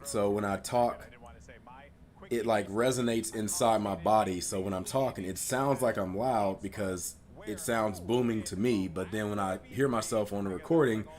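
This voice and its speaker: A man with a very deep voice chatting casually and rambling as he reacts live to a game showcase. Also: normal speed, darkish tone. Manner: rambling, laughs often, many "like" fillers.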